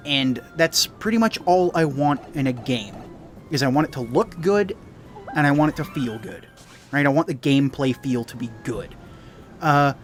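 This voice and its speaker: A young man with a Canadian accent, a gaming YouTuber rambling through casual chat and often correcting himself. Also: on the high side. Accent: Canadian English.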